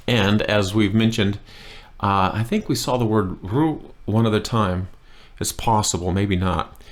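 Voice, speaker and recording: A man teaching a language lesson online, drilling pronunciation slowly and deliberately with wry, joking asides. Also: fairly low pitch.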